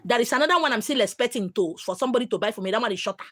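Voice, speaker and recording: A woman's voice: fairly high pitch, racing. A Nigerian woman hosting a live stream who tells stories candidly and animatedly, slipping into pidgin. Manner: animated, mixing in pidgin, acting out quotes.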